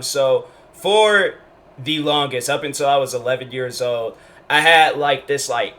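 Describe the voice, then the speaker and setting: A man's voice: medium pitch, sharp tone. A young man from Washington State casually telling a personal story in a rambling storytime vlog, full of fillers and restarts. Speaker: YouTuber.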